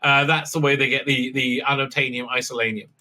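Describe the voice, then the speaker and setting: A man's voice: medium pitch, flat delivery, pushed and bright. A man hosting a show, giving a rambling casual episode recap with lots of fillers and mocking asides. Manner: halting, many fillers, acts out quotes in silly voices. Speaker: show host reviewing a TV episode.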